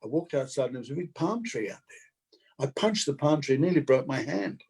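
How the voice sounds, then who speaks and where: An older man telling a lively showbiz anecdote over a video call, acting out the other people's voices as he goes. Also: mid-range voice, a little fast, husky, rough recording. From Australia. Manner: animated storyteller acting out voices. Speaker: guest actor.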